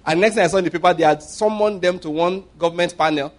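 A male pastor preaching a sermon in an animated way, with sudden shouted bursts and repeated phrases. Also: high voice, fast talker.

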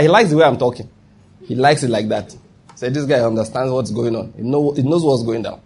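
Husky Nigerian man preaching. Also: medium pitch, darkish tone. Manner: rhetorical questions, repeats points, laughs at own stories. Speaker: pastor. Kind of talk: sermon.

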